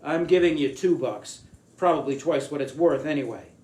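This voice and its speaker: A man's voice: fairly high pitch, normal speed, darkish tone, reverberant, natural voice, poor audio. Man doing a sneering, bullying city tough. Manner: rude, curt and mocking.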